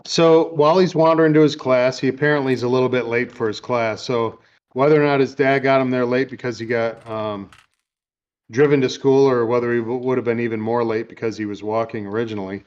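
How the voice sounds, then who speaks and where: A man's voice: mid-range voice, steady tone, a little fast, highs cut off. Easygoing man recapping a movie. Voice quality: easygoing, rambling with many fillers. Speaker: podcast host. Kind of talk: casual movie recap chat. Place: home room.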